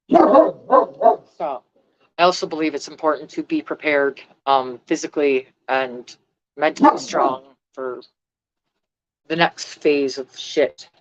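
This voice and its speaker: A woman's voice: deep voice, a little slow, highs cut off. Blunt, rambling woman live-streaming. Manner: blunt, rambling, swears freely. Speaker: vlogger. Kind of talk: casual live-stream chat.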